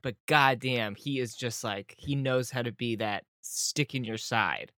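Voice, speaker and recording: Animated laughing man, dry sound. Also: medium pitch, measured pace, dry recording. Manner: animated, laughing, swearing, acts out quotes. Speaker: podcast co-host. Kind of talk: casual chat.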